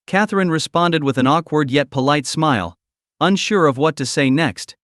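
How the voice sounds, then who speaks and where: A man narrating a recap story in a steady, scripted storytelling delivery. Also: fairly high pitch, normal speed, dry recording, studio quality.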